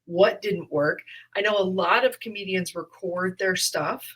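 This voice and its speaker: Bright-voiced woman comedian chatting. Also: fairly low pitch, a little slow, husky, low-quality recording. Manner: animated storytelling, acts out her own past reactions; laughs often. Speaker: comedian and podcast co-host. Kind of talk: casual chat.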